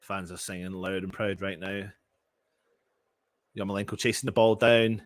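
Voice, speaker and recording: A young man giving excitable, emotional fan play-by-play during a live match watchalong. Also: sits low, moderate pace, dry recording. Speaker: fan commentator.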